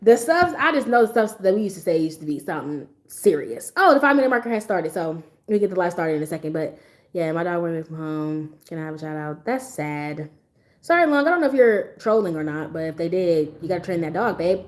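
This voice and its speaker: A woman's voice: lowish voice, sing-song, fast. A woman hosting a casual livestream, laughing often as she tells stories and answers her chat. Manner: laughs often, talks straight to chat, storytelling. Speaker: livestream host.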